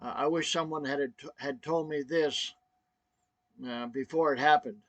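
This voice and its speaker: Brief: choked-up man vlogging a personal story, halting with many restarts, slightly high, dry. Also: fairly even intonation, fairly bright tone, no room sound.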